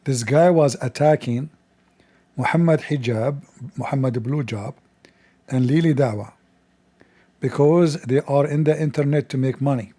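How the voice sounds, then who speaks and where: Mocking man with a rough, strained voice. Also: medium pitch, measured pace, long pauses, dark tone. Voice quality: non-native English with broken grammar. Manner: mocking, insulting, sarcastic. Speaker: host. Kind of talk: scornful commentary.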